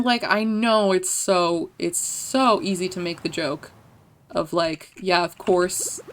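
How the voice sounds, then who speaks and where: A woman streamer chatting casually while playing, rambling and playful, swearing freely. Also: lowish voice. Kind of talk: casual gameplay chat.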